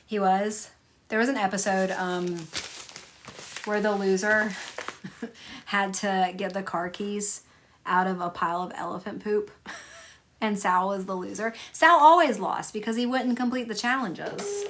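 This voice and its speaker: A woman's voice: medium pitch, unhurried, long pauses, fairly bright tone, a little hiss or hum. A young woman hosting a casual livestream, chatty and rambling, laughing often and talking to her viewers by name. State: tired. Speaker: livestream host selling stickers and stationery.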